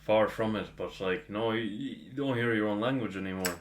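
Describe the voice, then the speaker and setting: Deep-voiced man in echoey room. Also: moderate pace. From Latvia. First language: Latvian. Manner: blunt, profane. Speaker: podcast guest. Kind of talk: casual chat. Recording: echoey room, faint noise.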